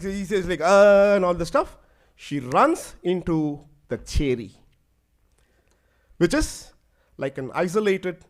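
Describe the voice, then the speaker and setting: A male professor lecturing a conference audience, mixing stories into his points. His voice sits a little high, and his delivery is animated and loose, with frequent "like"s. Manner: animated, fills speech with "like".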